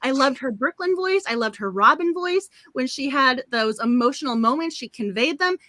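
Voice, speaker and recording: A woman's voice: sits high, expressive, moderate pace, bright, forceful tone, no room sound. Woman, book club host, casual chat, giggly, apologetic, dry close sound. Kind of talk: casual live-stream chat.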